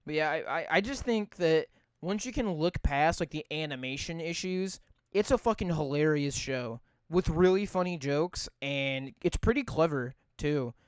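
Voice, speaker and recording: Young man, high clear voice, dry close mic, casual rambling, lots of swearing. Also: animated, normal speed, dry recording. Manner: rambling, swears a lot, many "like" fillers. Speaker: podcast co-host. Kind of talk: casual profane chat.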